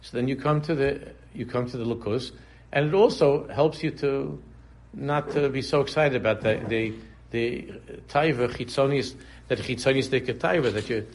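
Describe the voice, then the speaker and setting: A man's voice: mid-range voice, moderate pace, hardly any pauses, slight background noise. A man teaching a casual religious class, talking conversationally, repeating phrases and drifting into humorous examples. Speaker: Torah teacher.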